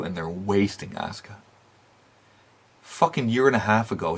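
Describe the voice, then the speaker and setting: A man with a lowish voice rants through a casual recap, blunt and profane. He swears nearly every sentence and fills the gaps with "uh" and "um", all in loose, opinionated show talk. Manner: animated rants with frequent fillers and laughs. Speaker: wrestling podcast host.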